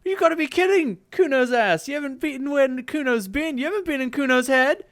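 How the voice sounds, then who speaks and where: A bratty twelve-year-old boy, as a woman puts him on, all swagger and bluster, pitched up high and swinging wildly up and down. He snarls at everyone and calls himself by his own name. It sounds like a game let's-play. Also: expressive, brisk. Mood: defiant. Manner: aggressive, swaggering, refers to himself in third person.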